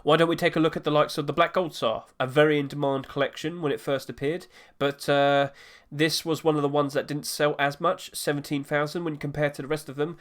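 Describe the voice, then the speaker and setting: A gaming market commentator chats casually on his own about market prices, his voice fairly high and a bit bright. His delivery is flat and a little fast, and he rambles somewhat, correcting himself as he goes.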